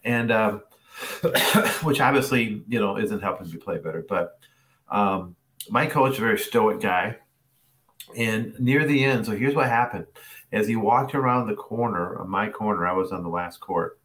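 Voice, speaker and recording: A middle-aged man with a fairly low voice, speaking as a tennis coach leading a masterclass over a video call. He tells stories in a lively way and acts out the voices of the people he quotes. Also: moderate pace. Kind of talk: storytelling masterclass talk.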